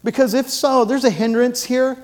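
A man with a fairly high voice preaching from a church platform. He tells funny stories, then builds to loud, emphatic preaching. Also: fairly even intonation, normal speed. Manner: storytelling with humor, rising to loud preaching. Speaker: pastor. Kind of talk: sermon.

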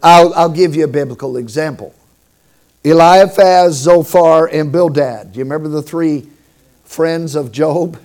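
A middle-aged man preaches a sermon in a high, light voice. He tells stories with humor and leans hard on certain words, rising loud and then dropping low. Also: a little slow. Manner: storytelling with humor, emphatic swings in loudness. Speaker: pastor.

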